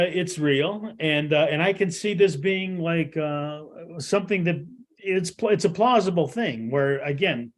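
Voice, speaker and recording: A slightly high-pitched man co-hosting a casual radio talk show. He speaks haltingly, filling gaps with "uh" and repeating words as he works his thoughts out. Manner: hesitant, lots of "uh" and repeated words. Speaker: co-host, sports and trivia.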